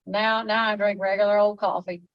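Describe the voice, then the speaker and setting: A woman hosting a casual podcast chat, chatty and quick to laugh. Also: medium pitch, level tone, no room sound, muffled recording. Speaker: podcast host. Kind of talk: casual chat, taste-testing.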